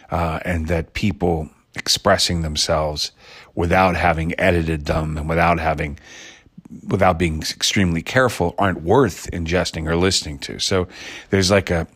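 A man's voice: low voice, a bit bright, slightly rough. A man from Ireland hosting a podcast, musing alone in a rambling, playful way with wry asides. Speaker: podcast host. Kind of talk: solo musing monologue.

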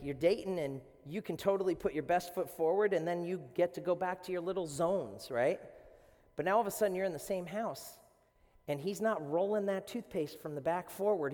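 Boston pastor preaching, bit high voice, acts out the quotes, long echo in a big church hall. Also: male voice. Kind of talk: sermon. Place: church sanctuary.

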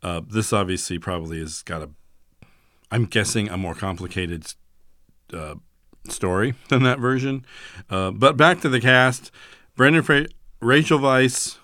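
A man's voice: lowish voice, unhurried, pushed and bright, no room sound, studio quality. A man co-hosting a podcast, chatting in an easygoing way with light chuckles. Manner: easygoing, chuckles between remarks. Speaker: podcast co-host. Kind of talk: casual chat.

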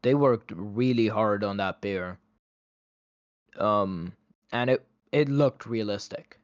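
A man's voice: fairly low pitch, slow, dry recording, lo-fi sound. A man in a casual movie review chat, opinionated and chatty, with a lot of "like" between his words. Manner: opinionated, chatty, many "like" fillers.

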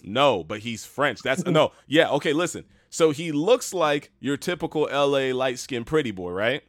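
A young man co-hosting a casual podcast, animated and laughing, often stopping to say "hold on". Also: medium pitch, normal speed, dry recording, clean studio sound. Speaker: podcast co-host. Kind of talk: casual chat.

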